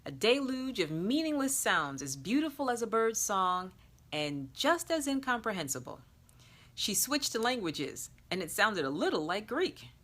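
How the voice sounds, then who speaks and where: A woman reading an erotic story aloud in a slow, sultry narration that sometimes drops to a whisper. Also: mid-range voice, very animated, fairly bright tone. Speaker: erotica reader. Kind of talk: scripted narration.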